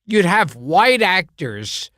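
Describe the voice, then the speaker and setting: A man's voice: high-pitched, sing-song, takes it slowly, a bit bright, no echo, studio quality. An older man co-hosting a podcast, telling stories in casual chat and laughing often. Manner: storytelling with frequent laughs. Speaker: podcast co-host.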